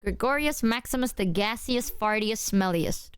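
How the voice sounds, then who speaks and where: A young woman livestreaming casual chat, animated and giggly, talking to her cat at her desk mic. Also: medium pitch, moderate pace, clean tone, no echo, studio quality. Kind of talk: casual live-stream chat.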